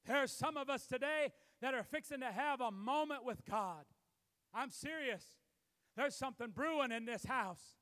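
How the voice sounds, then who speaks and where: A man preaching a sermon as pastor, building to shouted emphasis, recorded in a church. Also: extremely high pitch, moderate pace. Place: church sanctuary. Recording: long hall reverb.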